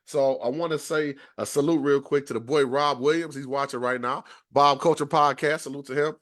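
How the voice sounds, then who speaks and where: A man from Detroit hosting a podcast, hyped and slangy, giving shout-outs. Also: a little high, steady tone, brisk. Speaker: podcast host. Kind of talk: casual interview chat.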